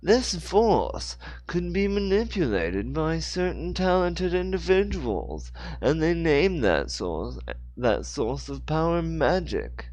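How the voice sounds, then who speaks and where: A man voicing a pompous male mayor with a British accent, lecturing slowly in a read-aloud story. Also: fairly high pitch, big pitch swings, a little mellow, no echo, voice pushed up. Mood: grandiose.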